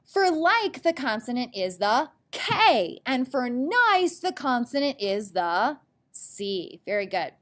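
Slow, lively-voiced woman teacher. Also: high voice. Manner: clear, encouraging classroom delivery, spelling out letters. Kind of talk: recorded spelling mini lesson.

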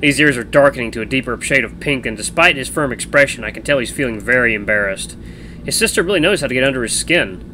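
A man streaming a game, reading the narration of a visual novel aloud in an animated way. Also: medium pitch, quick pace, a little hiss or hum, rough recording. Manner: animated reading with changing voices.

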